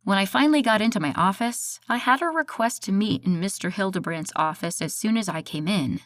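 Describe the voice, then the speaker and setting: A woman reads a first-person novel aloud in a steady, measured way. Her voice sits in a middle range, and the recording is close and dry with no room sound. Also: mid-range voice, dry recording. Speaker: audiobook narrator. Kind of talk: first-person audiobook narration.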